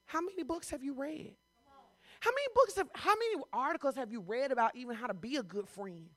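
Woman preaching, lots of questions at the crowd, sharp bright voice, dry sound. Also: high-pitched, no room sound. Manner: conversational, full of rhetorical questions; emphatic, rising to loud bursts. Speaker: pastor. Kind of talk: sermon.

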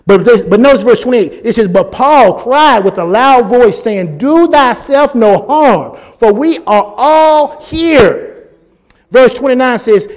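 A man preaching a sermon, animated and building to shouts. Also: high voice. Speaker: pastor.

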